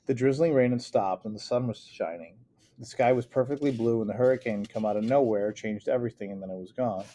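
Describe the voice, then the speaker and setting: Dark-toned man reading a novel aloud. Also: mid-range voice, fast talker. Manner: earnest storytelling reading with small stumbles and self-corrections. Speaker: audiobook reader. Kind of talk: first-person novel reading.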